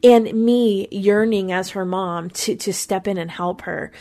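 Speaking unhurriedly in a mellow, mid-range voice, this Pennsylvania woman hosts a Christian talk reflecting devotionally on a psalm. She's earnest and conversational, with small repeats as she works through her thoughts.

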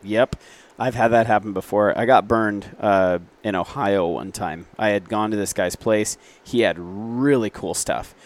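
Low-voiced man telling rambling stories. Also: a little slow. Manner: rambling, self-correcting, many fillers. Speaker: guest, reclaimed wood business owner. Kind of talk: casual interview storytelling.

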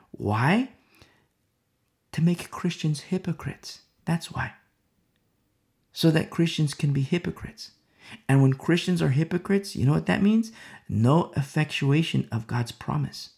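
Brief: male preacher, gravelly voice, lively pitch, emphatic and insistent. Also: unhurried, long pauses. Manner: emphatic, keeps asking "you see?". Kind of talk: sermon.

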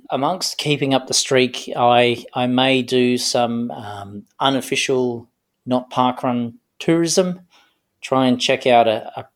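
Man, middle-aged, casual podcast co-host, halting, lots of ums. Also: mid-range voice. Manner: hesitant, many fillers and restarts. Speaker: guest co-host.

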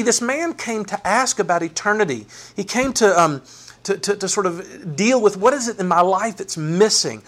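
Male pastor, lively high-leaning voice, animated sermon delivery. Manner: animated, voices Bible figures with playful asides.

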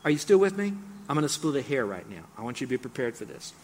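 An older man preaching a sermon, animated, jumping up high and loud when excited and dropping low and quiet to teach. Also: fast talker, slight background noise. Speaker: pastor.

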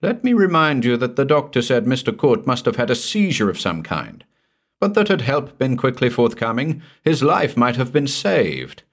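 A man's voice: medium pitch, sing-song, moderate pace, voice pushed up. A man voicing a stern, pompous middle-aged coroner who questions a witness impatiently.

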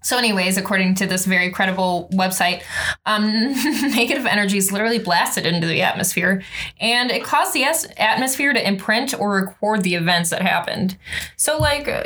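A woman's voice: medium pitch, normal speed, a bit bright. A woman co-hosting a casual chat, explaining a topic with giggles and fillers. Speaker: podcast co-host.

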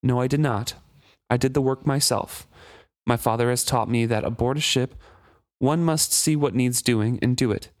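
A man reading aloud the lines of a proud young woman sailor who answers softly and calmly. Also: medium pitch, normal speed, natural voice. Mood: calm defiance. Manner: soft, calm, firm.

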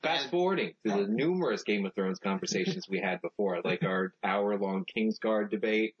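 A man's voice: fairly low pitch, moderate pace, noisy background. A man in his thirties co-hosting a casual podcast, wisecracking and dry. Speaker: podcast co-host. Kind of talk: casual chat. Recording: slightly dull lo-fi audio.

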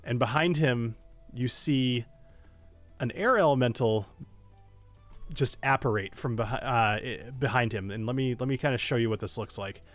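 A man's voice: medium pitch, soft background music. Man narrating a tabletop game. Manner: descriptive, halting, with many fillers. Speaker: game master.

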